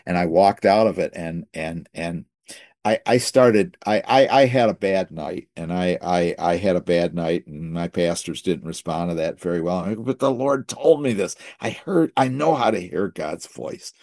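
A middle-aged man, a minister, telling a personal testimony in a rambling, halting way with many restarts, dropping softly when he quotes himself. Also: no echo, studio quality. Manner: drops to a soft low voice when quoting himself and God.

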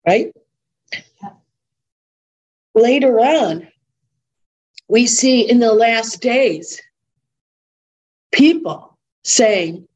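A woman's voice: fairly high pitch, takes it slowly, pauses often, darkish tone, highs cut off. A woman preaching a sermon in an earnest, conversational way, repeating points for emphasis.

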